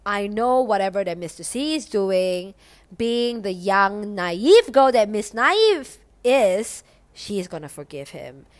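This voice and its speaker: A young woman telling a story casually, animated, swearing a lot and using lots of "like". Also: mid-range voice, takes it slowly.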